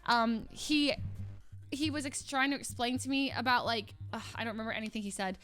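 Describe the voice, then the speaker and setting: A young woman with a somewhat high voice tells a story in a loose, rambling way. She laughs often and acts out the people she quotes in a higher voice. Her delivery is casual and animated. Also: brisk, soft background music. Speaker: streamer.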